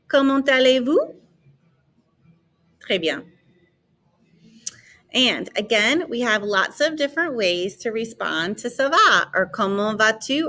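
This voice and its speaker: A woman teaching a beginner language lesson, modeling words slowly and clearly for students to repeat. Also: medium pitch, sharp tone. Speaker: French teacher.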